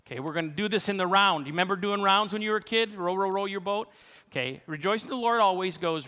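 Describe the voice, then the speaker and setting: A man's voice: sits high, quick pace, pushed and bright, smooth. A man preaching as a pastor, playfully self-deprecating as he coaxes the congregation into a sung round. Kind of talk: sermon with congregational song leading. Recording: long reverb of a large hall.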